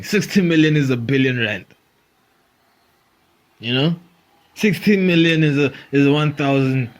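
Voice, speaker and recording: A man hosting a comedy podcast, riffing animatedly, swearing freely and laughing often. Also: on the high side. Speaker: podcast host. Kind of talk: comedic monologue.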